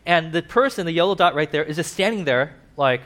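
A man giving a casual sermon with slides, animated, asking his listeners questions and acting out little voices. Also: a little high, a little fast. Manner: animated, acts out voices, asks the audience questions. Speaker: preacher.

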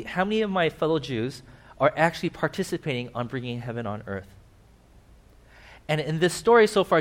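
A man giving a casual sermon with slides, animated, asking his listeners questions and acting out little voices. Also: a little high. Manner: animated, acts out voices, asks the audience questions. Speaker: preacher.

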